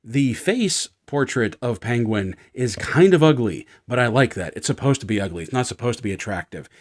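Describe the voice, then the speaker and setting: A man hosting a casual toy review vlog, chatty and easygoing, talking straight to his viewers. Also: fairly low pitch.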